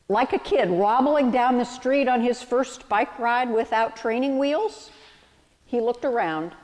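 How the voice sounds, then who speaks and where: A woman's voice: a little high, darkish tone, long reverb tail. A woman pastor delivering a sermon, reflective and storytelling with vivid analogies.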